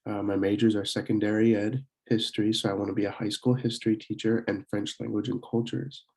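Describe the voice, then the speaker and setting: Young male student teacher, dark mellow tone, low pitch, relaxed recorded lesson with fillers. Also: creaky. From Pennsylvania, USA. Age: young adult. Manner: casual, many fillers, slow careful word demonstrations. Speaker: student French club teacher.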